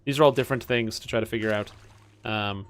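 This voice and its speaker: A man's voice: fairly low pitch, steady tone, quick pace, clean tone. A man streaming a game, chatting casually and rambling with many fillers. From Canada. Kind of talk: casual gaming chat.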